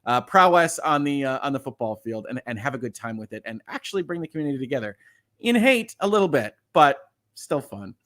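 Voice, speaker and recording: Middle-aged male streamer, mid-pitched, earnest and halting, reads chat comments live at his desk mic. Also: sing-song, fairly bright tone. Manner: halting, repeats words, earnest. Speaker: legal channel host. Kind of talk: livestream chat, reading viewer comments.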